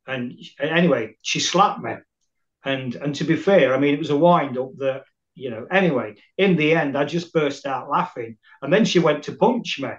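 A man's voice: medium pitch, normal speed, muffled recording. A man hosting a casual chat, telling rambling, self-mocking anecdotes. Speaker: podcast host.

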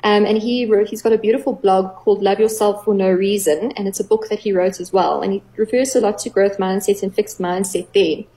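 A middle-aged woman, a clinical psychologist, explaining earnestly on a radio talk show, with gentle playful examples. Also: mid-range voice, steady tone, brisk, few pauses, rough recording.

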